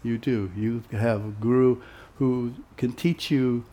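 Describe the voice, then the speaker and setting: A man's voice: mid-range voice, slow. Guy giving a chill spiritual talk, chatty, lots of uhs, acts out little dialogues. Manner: relaxed, conversational, many fillers, acts out quoted dialogue. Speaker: monastic teacher. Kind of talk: informal spiritual talk to devotees.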